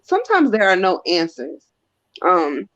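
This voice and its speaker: A woman psychic medium giving a live-stream spirit reading, gentle and casual. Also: on the low side, wildly swooping pitch, unhurried, no room sound. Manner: emotional, gentle, casual colloquial. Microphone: phone. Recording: dull muffled phone audio.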